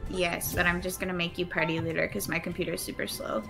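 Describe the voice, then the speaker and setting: A woman in casual gaming chat, cheerful and quick to react. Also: fairly low pitch, level tone, vocal fry, over music. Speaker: gamer friend.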